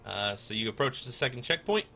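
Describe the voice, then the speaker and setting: A man's voice: mid-range voice, big pitch swings, a little fast, gravelly, pushed and bright, faint music behind. A man narrating a tabletop game as game master, rambling with fillers and restarts.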